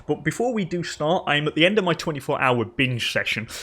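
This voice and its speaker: A man's voice: fairly high pitch, very animated, quick pace, pushed and bright, slightly rough. A young man hosting a gaming channel, rambling casually through his strategy game, swearing and chatting to the characters on screen. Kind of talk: casual let's-play commentary.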